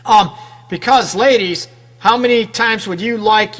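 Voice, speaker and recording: On his radio advice show, this relationship counselor addresses women listeners head-on in a chatty way, peppering his talk with rhetorical questions and a habitual "right?" His voice sits high and a bit bright, and he takes his time.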